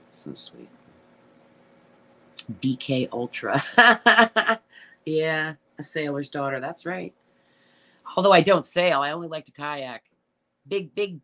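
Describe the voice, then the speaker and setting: A middle-aged woman chats on her livestream and answers viewers bluntly, swearing freely and getting emotional. Her voice sits fairly low but swings widely up and down as she talks. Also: lively intonation, slow, pauses often, bright, forceful tone. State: tearful at times. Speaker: livestream host reading viewer comments. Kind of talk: casual live chat.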